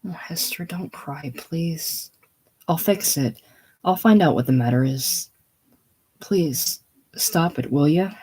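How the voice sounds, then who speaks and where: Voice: medium pitch, animated, a little slow, long pauses, dark tone, husky. A reader voicing an earnest, anxious young male mechanic in a casual play reading, with strained, pleading delivery.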